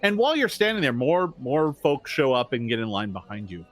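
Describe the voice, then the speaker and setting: A man's voice: medium pitch, very animated, brisk, a bit bright. A man running a tabletop game as game master, narrating in a rambling way with many fillers and restarts.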